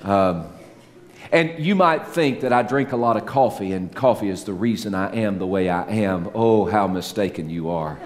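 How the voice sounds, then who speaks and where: A middle-aged man preaching a sermon, animated, swinging between loud peaks and soft low asides, with self-mocking humor. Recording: long hall reverb, faint ambience.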